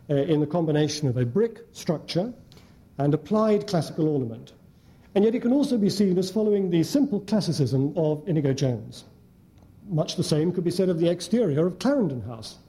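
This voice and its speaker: A man lecturing an audience in a measured way, with frequent hesitant fillers. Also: a little high, mellow. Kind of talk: academic lecture with slides. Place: lecture hall before an audience.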